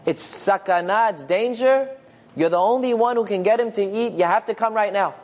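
A man's voice: sits high, moderate pace. A man voicing a nursing home caller who urgently insists.

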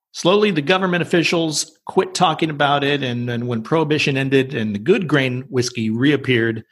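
A man's voice: medium pitch, fairly bright tone, breathy edge. A man hosting a podcast, talking casually with wry jokes and reading out sources. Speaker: podcast host.

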